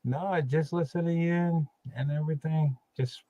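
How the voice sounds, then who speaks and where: A man's voice: a little high, steady tone, unhurried, mellow, no echo, highs cut off. A man hosting a casual chat, answering in short, laid-back replies. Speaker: host.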